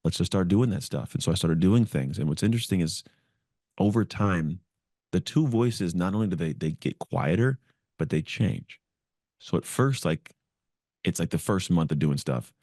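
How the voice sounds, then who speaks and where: A man's voice: low-pitched, lively intonation, moderate pace, a little mellow, dry recording, studio quality. A man as a podcast guest, telling his story in an earnest, reflective way and acting out the voices in his head. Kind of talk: storytelling interview.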